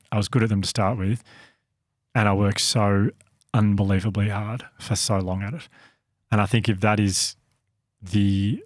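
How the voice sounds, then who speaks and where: A man's voice: on the low side, no echo, clean studio sound. A man co-hosting a podcast, telling a story about his work in an earnest, self-deprecating way. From Australia. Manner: earnest, self-deprecating, laughs at own slips. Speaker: podcast co-host and company founder. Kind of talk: casual storytelling chat.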